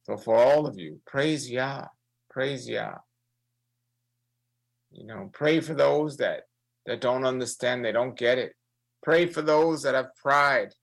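Earnest gravelly man leading prayer. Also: mid-range voice, fairly bright tone, low-quality recording. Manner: earnest, repeats phrases, slows for emphasis. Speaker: prayer leader. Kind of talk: sermon-style prayer broadcast.

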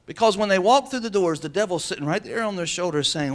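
High-voiced preacher talking to his church. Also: animated, fast, few pauses. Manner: conversational, calls out to the congregation. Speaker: pastor. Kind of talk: sermon.

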